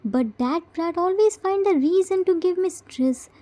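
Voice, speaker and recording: A woman's voice: extremely high pitch, lively intonation, unhurried, dark tone. A woman voicing a vain, fussy young man. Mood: dramatic. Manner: theatrical, fussy complaining. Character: vain, dramatic grown man, excitable.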